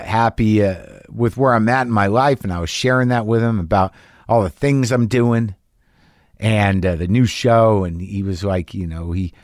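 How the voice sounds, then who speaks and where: A man's voice: fairly low pitch, darkish tone, no echo, studio quality. A man hosting a podcast, talking alone in a frank, profane, self-deprecating way. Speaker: podcast host. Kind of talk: solo monologue.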